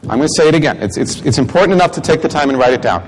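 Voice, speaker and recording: New guy giving a seminar, acts stuff out, high-ish voice, echoey hall. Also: racing. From the Bronx, New York. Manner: animated, acts out reactions and quotes. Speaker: customer service speaker. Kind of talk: live seminar talk to an audience. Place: conference room with audience. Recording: echoey hall, faint room noise.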